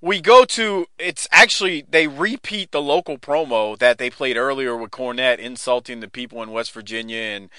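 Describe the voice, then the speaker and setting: A man's voice: medium pitch, normal speed, few pauses, bright, forceful tone, clear, resonant tone, no room sound. A man hosting a podcast, chatting casually and with enthusiasm, laughing often. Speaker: podcast host. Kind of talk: casual chat.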